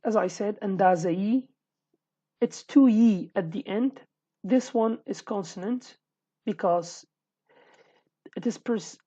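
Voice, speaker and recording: A woman's voice: medium pitch, warm tone, husky. A woman teaching a casual online language lesson, explaining patiently and repeating each word, with as her language, in a dull lo-fi home recording. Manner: explains patiently, often pausing and repeating words.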